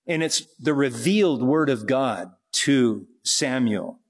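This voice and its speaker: A man delivers a sermon at an unhurried, deliberate pace. His voice is husky and a little rough around the edges. He reads scripture and then talks it through plainly. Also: medium pitch. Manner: slow, reflective Bible teaching with scripture readings and asides. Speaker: preacher.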